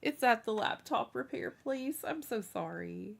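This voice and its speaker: Woman, livestream host, unhurried chatty talk, gravelly voice, fusses at her cat. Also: a little high, expressive. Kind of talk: casual livestream chat. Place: home room.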